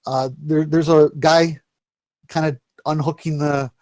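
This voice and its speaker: A fairly high-voiced man narrates a tabletop adventure as game master, tripping over and repeating words as he goes. The sound is dry and close, with no room around it. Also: level tone, unhurried, a little mellow, dry recording. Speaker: dungeon master.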